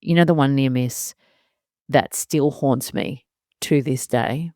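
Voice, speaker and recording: A woman's voice: extremely low pitch, takes it slowly, darkish tone, no room sound, studio quality. A woman, hosting a solo parenting podcast and talking candidly and emotionally, laughing through her worries. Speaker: podcast host.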